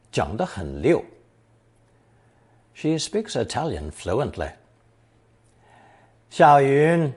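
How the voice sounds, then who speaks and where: Male teacher narrating a language lesson, husky voice with a lively, swooping pitch. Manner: reads example sentences slowly, then translates each into English. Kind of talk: recorded Chinese lesson narration.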